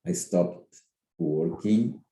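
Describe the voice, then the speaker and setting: Very slow, deep Brazilian man in an echoey room. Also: warm tone. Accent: Brazilian Portuguese. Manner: hesitant learner, repeats sentences slowly. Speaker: language student.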